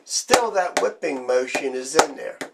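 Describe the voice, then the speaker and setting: A man's voice: mid-range voice, animated, unhurried, creaky. A man teaching drum strokes, explaining plainly and counting beats aloud as he demonstrates. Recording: loud background noise.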